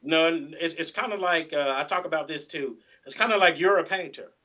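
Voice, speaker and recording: A man's voice: a little high, fairly quick, sharp tone, dull audio. A man, a guest guitarist, chatting casually in an interview, rambling and full of "you know"s and restarts.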